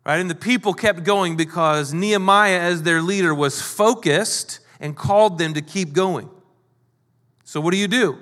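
A man preaching a sermon, lively and conversational, acting out the lines of the people in his story. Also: sits high, moderate pace, big-room sound. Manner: animated, acts out quoted lines. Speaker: pastor.

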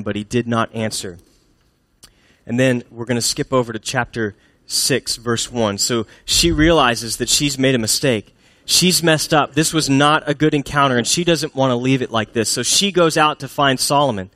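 A man's voice: mid-range voice, moderate pace, fairly bright tone, dry recording, clean studio sound. A man preaching a sermon in a church, speaking in a humorous, conversational way and asking the congregation questions. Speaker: pastor.

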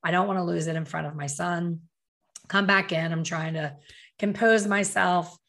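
A middle-aged woman telling a personal story in a candid, emotional way, with quick asides and self-corrections. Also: on the low side, fairly even intonation, creaky, fairly bright tone. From Philadelphia.

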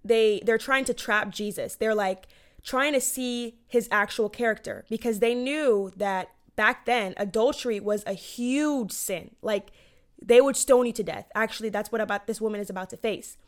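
A woman's voice: a little high, moderate pace. Chatty young woman retelling a Bible story. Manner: chatty, slangy, with lots of "like" and "you know". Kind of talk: casual storytelling.

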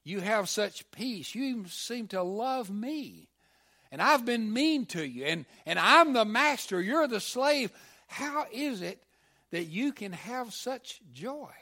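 Brief: man doing a domineering slave owner in a retold sermon story, raised high and loud, slow. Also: big pitch swings, breathy edge, full character voice. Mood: demanding. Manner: loud, pressing, incredulous. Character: proud, harsh male slave owner demanding answers.

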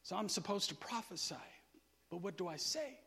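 A man preaching a sermon, asking the listeners to fill in words and swinging between quiet, low asides and loud, shouted emphasis. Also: lively intonation, normal speed, vocal fry, breathy edge. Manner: asks the crowd to finish his sentences.

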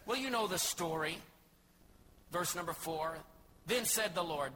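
A man's voice: on the high side, a little slow, noisy background. A man from Texas, a missionary preacher, giving a dramatic sermon and acting out the people in the Bible story. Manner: dramatic, acts out biblical speakers.

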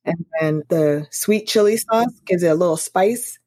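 A woman's voice: lowish voice, unhurried, a little mellow, no echo, clean studio sound. A woman co-hosting a podcast, chatting casually and enthusiastically. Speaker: podcast co-host. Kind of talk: casual chat.

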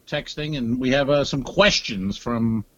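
A man's voice: mid-range voice, unhurried, fairly bright tone, dull audio. A man co-hosting a comedy podcast in casual chat, rambling and hesitant, acting out little exchanges. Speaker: podcast co-host.

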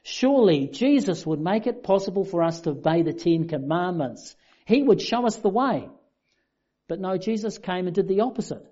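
A man's voice: on the high side, mellow. A man preaching a sermon in a conversational, self-deprecating way. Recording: dull lo-fi sound.

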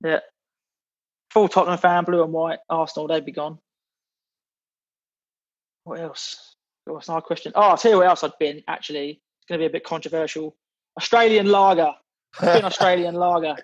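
A man's voice: fairly high pitch, steady tone, normal speed, pauses often, lo-fi sound. A man from England, a podcast guest in casual chat, blunt and swearing, with many restarts as he grumbles.

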